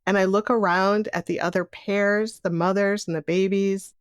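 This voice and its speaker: A woman's voice: mid-range voice, moderate pace, smooth, dry recording, clean studio sound. A middle-aged woman telling a personal story in present tense, acting out the voices of others. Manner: vivid, animated retelling in present tense, acting out quoted voices.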